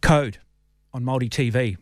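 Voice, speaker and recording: A man hosting a radio talk show, eager and quick with his words. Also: medium pitch, darkish tone, no room sound, clean studio sound. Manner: fast, eager talker.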